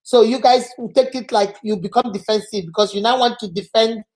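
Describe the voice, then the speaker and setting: A woman's voice: a little high, fairly even intonation, a little fast, darkish tone. A middle-aged woman hosting a channel, giving advice in earnest, emphatic casual talk and repeating words for stress. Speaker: channel host.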